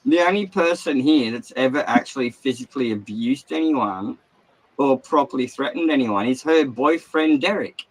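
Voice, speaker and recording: A man's voice: medium pitch, normal speed, poor audio. An Australian man hosting a casual livestream, ranting with heavy swearing from his caravan. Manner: agitated, heavy swearing, rambling. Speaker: livestream host.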